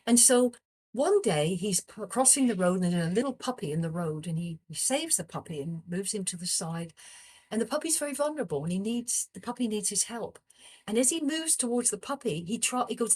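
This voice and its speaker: A woman's voice: on the high side, brisk. A woman, a psychologist, telling a personal story in conversation and acting out the people in it. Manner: animated storyteller, acts out quoted dialogue. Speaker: psychologist guest.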